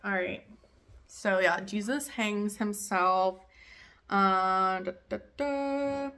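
A young woman hosting a podcast from home, retelling a story in a chatty, animated way with many fillers. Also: mid-range voice, extremely slow. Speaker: podcast host. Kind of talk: casual storytelling chat. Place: home with her dog nearby.

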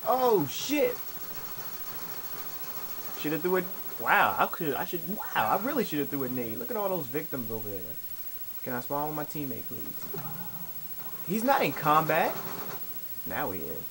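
A young man casually commentating while he plays an online shooter, swearing and complaining with sudden excited outbursts. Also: fairly high pitch, normal speed, long pauses. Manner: profane, frustrated, with excited outbursts. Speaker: gamer. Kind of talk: live commentary over gameplay. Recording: noisy capture over game audio. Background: game sounds.

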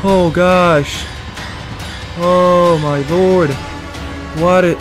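A man's voice: high-pitched, slow pace, long pauses. Young man yelping through a horror game. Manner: panicky, yelps and shouts when scared. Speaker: gaming streamer. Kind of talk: horror game let's play commentary. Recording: game music playing loudly behind.

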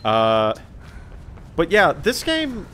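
A man's voice: fairly high pitch, huge pitch swings, drawn-out words, sharp tone. A man streaming a game, giving rambling, chatty commentary full of fillers and small laughs. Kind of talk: casual gameplay commentary. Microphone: desk microphone.

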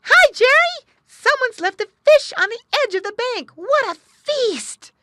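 A woman doing a squealing, excitable young otter. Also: drawn-out words, dry recording, clean studio sound, heavily acted. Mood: gleeful. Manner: loud, squealing, high-pitched exclamations. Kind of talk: storybook character voice.

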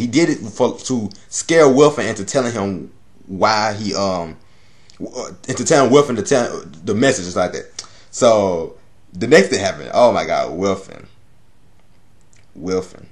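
A man giving a casual, rambling anime episode review, swearing and laughing often. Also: lowish voice.

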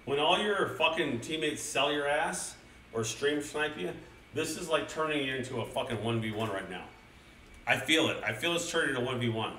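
An animated man with a medium-pitched, sharp voice reads a picture book for children to his stream at normal speed. He swears a lot and rambles crudely, riffing with gamer slang. Captured from a distance in an echoey room, he drifts from the mic amid slight background noise.

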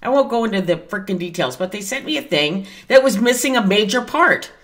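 A woman's voice: medium pitch, animated, a little fast, hardly any pauses. A woman talking casually in a vlog as a tarot reader, chatty and digressive, with some mild cursing.

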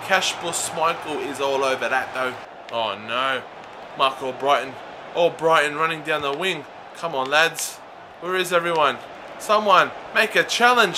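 High bright excitable gaming man. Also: measured pace, slight background noise. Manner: excitable, shouts at chances; chatty, addresses viewers as lads. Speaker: gaming YouTuber. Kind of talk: live video game commentary.

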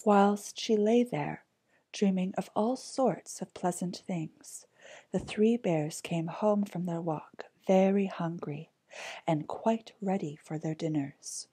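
A woman reading a fairy tale aloud, gentle and slow, dropping some words to a whisper. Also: fairly low pitch, slightly rough. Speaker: storybook reader.

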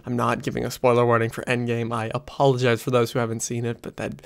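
A man talks through a show review at a home setup, close on a desk microphone. His voice sits at an ordinary middle pitch. He rambles and leans on frequent fillers. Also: monotone, quick pace, gravelly, smooth. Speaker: film and TV reviewer. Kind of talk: casual spoken review. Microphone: USB desk microphone close up.

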